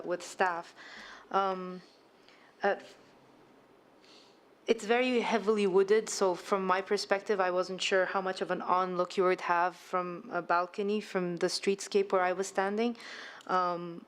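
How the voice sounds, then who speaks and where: Flat-toned woman at a committee meeting. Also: on the low side, clean tone. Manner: plain, steady, with fillers. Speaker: committee member. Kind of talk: council meeting remarks.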